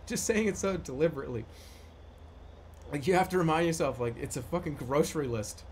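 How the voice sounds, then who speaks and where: Animated high-voiced male streamer. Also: brisk, a little hiss or hum. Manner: jokey, repeats phrases, laughs often. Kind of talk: live gameplay commentary.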